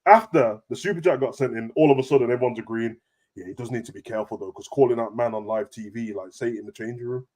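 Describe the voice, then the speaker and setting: Fast-talking young man. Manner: animated, slangy, rapid banter with big pitch jumps. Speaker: football podcast host. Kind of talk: casual chat.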